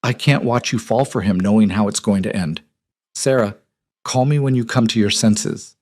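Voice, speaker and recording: A man's voice: on the low side, moderate pace, darkish tone, lightly acted. A man voicing a protective young woman, upset with her best friend, pleading and accusing in a lifted voice.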